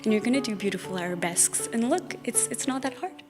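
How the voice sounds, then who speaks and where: A woman's voice: fairly high pitch, expressive, fast talker. A woman who runs a ballet school, answering interview questions in an earnest, enthusiastic way. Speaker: ballet school owner and teacher. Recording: roomy reverb with music behind.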